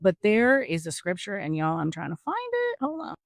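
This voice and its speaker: A woman hosting a podcast, teaching a Bible story in a chatty, animated way with joking asides to her listeners. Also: fairly low pitch, moderate pace, gravelly, no echo, studio quality. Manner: chatty and animated, acts out quotes with big voice swings. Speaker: podcast host.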